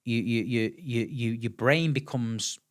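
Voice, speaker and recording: A middle-aged Englishman with a medium-pitched voice talks at a measured pace as a guest on a podcast. Chatting casually, he's an animated storyteller who acts out the quotes in his stories and repeats words.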